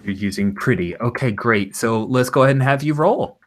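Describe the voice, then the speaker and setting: A man's voice: mid-range voice, moderate pace. A man running a tabletop game as game master, genial and stumbling over fillers as he handles the dice.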